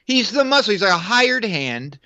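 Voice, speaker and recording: A man's voice: high-pitched, sing-song, normal speed, sharp tone, dry recording, lo-fi sound. A man co-hosting a casual movie review podcast, talking in a joking, profane, rambling way. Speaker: podcast co-host. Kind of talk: casual film review chat.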